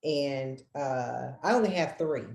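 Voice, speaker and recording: A woman hosting a podcast, chatting casually with her mother and telling animated stories. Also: extremely low pitch, slow, gravelly, echoey room. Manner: animated storyteller who acts out quotes. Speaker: podcast host. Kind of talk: casual family chat.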